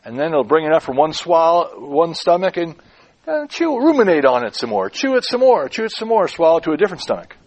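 Male preacher, a little high and husky, animated delivery that circles back on its own words. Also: a little fast. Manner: animated, repeats and muses over words. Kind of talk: sermon. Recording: clip-on mic.

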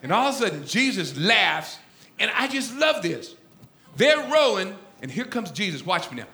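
A man preaching a sermon, telling a story dramatically, swinging from loud to hushed. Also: high voice, sing-song, normal speed, creaky, echoey room. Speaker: pastor.

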